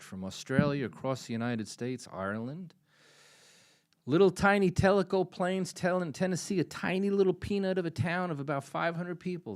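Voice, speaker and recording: A man talking from a small coffee-house stage in a folksy storytelling way, repeating phrases for emphasis and swinging between hushed and loud. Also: a little high. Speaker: musician speaking from the stage. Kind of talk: folksy stage talk with a told joke.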